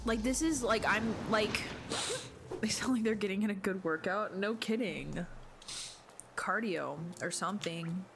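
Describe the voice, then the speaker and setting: A woman's voice: mid-range voice, a little slow, creaky, noisy background. A young woman streaming a video game, commenting casually, thinking aloud and swearing in exasperation. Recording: game music behind her voice. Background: game music.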